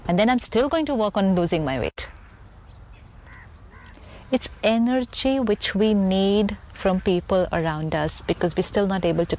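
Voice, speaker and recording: A woman speaking as a spiritual teacher, earnest and steady. She sits at an ordinary middle pitch and repeats key phrases for emphasis. A faint noise hums under the recording. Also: rough recording. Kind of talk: calm spiritual talk.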